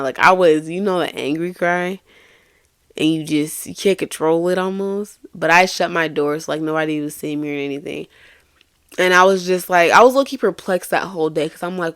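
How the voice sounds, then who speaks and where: A woman's voice: deep voice, moderate pace, no room sound, studio quality. A young woman hosting a faith-based podcast, telling a personal story in an earnest, confessional way, often restarting her sentences. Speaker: podcast host.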